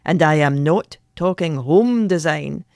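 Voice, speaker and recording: A woman's voice: low voice, lively intonation, darkish tone, dry recording, clean studio sound. A Scottish woman hosting a comic podcast, teasing and joking as she chats. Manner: playful, teasing, quick jokes. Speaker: podcast host.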